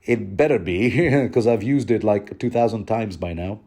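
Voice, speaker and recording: A feisty young wildling woman, all teasing and scolding, comes through in a soft, mellow voice, put on by a man reading a book commentary. She jabs with mockery and defiance. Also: lowish voice, normal speed.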